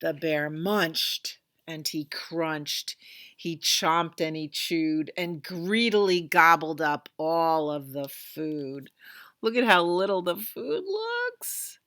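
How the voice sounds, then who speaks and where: A woman librarian reading a rhyming picture book aloud to children with lively expression. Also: low voice, takes it slowly, no echo, studio quality. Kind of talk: storytime read-aloud.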